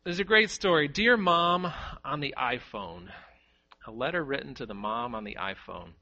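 A man delivers a sermon in a lively, rising-and-falling voice that sits a little high. His tone is bright and forceful, and he hammers his points home by repeating key words. The recording sounds slightly muffled and lo-fi. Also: normal speed. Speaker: preacher.

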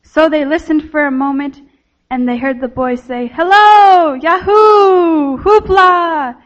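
A woman gives a children's sermon in a gentle storytelling voice, speaking straight to the kids. Her voice is high. The recording sounds slightly dull and lo-fi. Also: fairly even intonation, moderate pace.

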